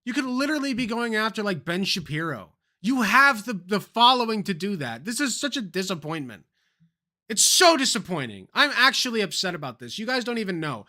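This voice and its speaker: A man's voice: sits high, sing-song, a little fast, sharp tone. A man streaming live reactions to clips, exasperated and theatrical, swearing through long rants.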